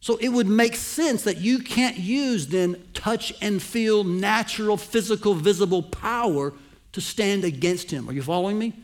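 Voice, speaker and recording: A man preaching a sermon as pastor, teaching a passage step by step and checking that the congregation follows. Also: high voice. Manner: slows down and lands key phrases with emphasis.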